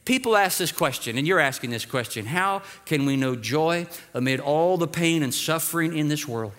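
A man preaching a lively sermon as pastor, urging the congregation to repeat phrases after him. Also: a little high, normal speed.

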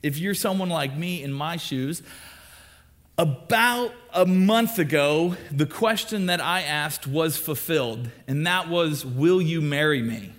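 Animated young man preaching. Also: fairly high pitch, slow. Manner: animated, acts out quoted questions in raised voices. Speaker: student ministry pastor. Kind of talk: sermon.

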